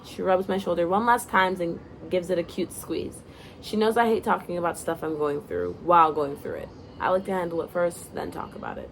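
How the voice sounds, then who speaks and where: A woman's voice: fairly low pitch, normal speed, slight background noise. A young woman casually reading her own first-person story aloud, now and then breaking off to comment and apologize.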